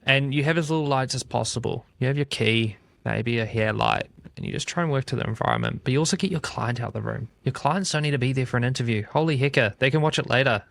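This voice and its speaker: A gravelly man with a New Zealand accent talks shop in a casual podcast chat. He is animated and slips into quoted voices. The sound is close and dry. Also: medium pitch, fast, few pauses, no echo. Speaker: podcast guest, video studio founder.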